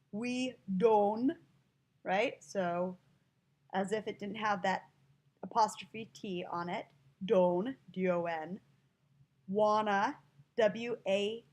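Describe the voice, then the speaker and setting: A woman teacher giving a listening lesson to language learners, explaining slowly and spelling words out letter by letter. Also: fairly high pitch.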